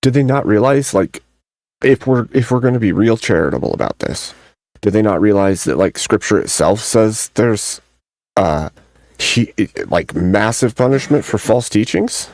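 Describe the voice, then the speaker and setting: Very deep gravelly male host. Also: expressive, moderate pace, a little mellow, no room sound, clean studio sound. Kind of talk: casual chat.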